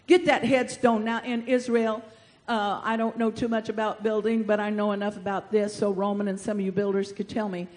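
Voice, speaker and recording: A woman pastor preaching a fervent sermon, drawing answers from the congregation and rising to shouts. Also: medium pitch, flat delivery, a little fast. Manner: call-and-response with congregation.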